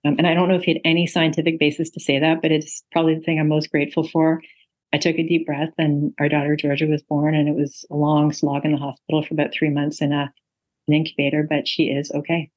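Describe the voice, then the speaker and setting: A middle-aged woman, an author appearing as an interview guest, earnestly tells a personal story full of ums and uhs. Her voice sits low and a little mellow, her delivery is flat and quick, and the recording is rough.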